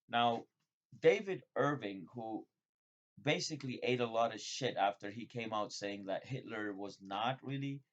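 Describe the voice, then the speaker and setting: A man vlogging in a rambling, profane monologue that jumps suddenly between loud excited bursts and low mutters. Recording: dull lo-fi sound.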